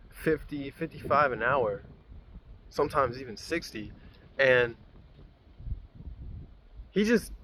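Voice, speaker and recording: A young man rambles through a profane story in a casual vlog, his mid-pitched voice swinging up and down as he goes. A faint hiss of room noise sits under his talk. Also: fairly bright tone. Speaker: vlogger.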